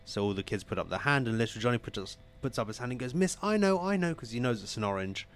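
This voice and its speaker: A man telling jokes as a guest on a casual live stream, acting out his characters with lively shifts in voice. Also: fast. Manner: animated storyteller, raises pitch for quoted characters. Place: home setup on a live stream.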